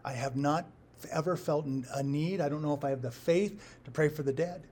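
A man preaching a sermon as a pastor, emphatic and repetitive, with his loudness rising and falling to stress his points. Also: on the high side, brisk, a little hiss or hum. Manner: emphatic, rises and drops in volume for stress, repeats phrases.

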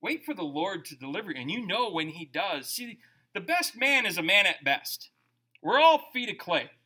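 Bright, lively male pastor preaching. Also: sits high, normal speed. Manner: animated, conversational preaching with shifting volume. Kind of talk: sermon.

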